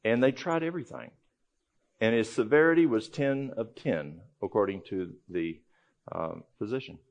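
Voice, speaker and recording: A man's voice: fairly low pitch, animated, normal speed, lo-fi sound. A man giving a conversational, folksy talk to a live audience, telling a story with frequent restarts. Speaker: health ministry speaker.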